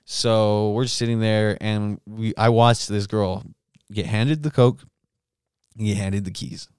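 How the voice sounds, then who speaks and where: A man hosts a solo podcast in a loose, rambling monologue full of swearing. His voice sits on the low side and sounds smooth and resonant. The recording is close and dry. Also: fairly even intonation, takes it slowly, darkish tone, no room sound. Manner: profane, rambling storyteller. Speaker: podcast host.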